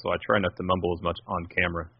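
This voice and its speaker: A man's voice: low voice, little pitch movement, very fast, gravelly, breathy edge. A man co-hosting a podcast in casual chat, who tends to mumble. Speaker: podcast co-host. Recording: slightly muffled lo-fi audio.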